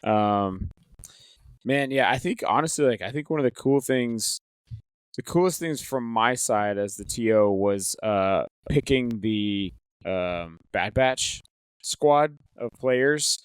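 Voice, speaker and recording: A man's voice: mid-range voice, animated, slow pace, clear, resonant tone, dry recording. A man telling tournament stories in casual podcast chat, rambling with many fillers and restarts. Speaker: tournament organizer, guest. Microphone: headset.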